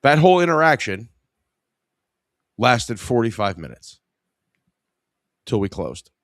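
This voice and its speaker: A man's voice: medium pitch, very animated, slow pace, a bit bright, no echo, studio quality. A man hosting a podcast, telling a story in a casual, profane, exasperated way. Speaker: podcast host.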